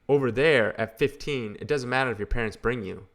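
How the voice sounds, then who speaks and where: A man's voice: mid-range voice, fairly quick. A man hosting a comic book channel, ranting in casual, exasperated and sarcastic commentary.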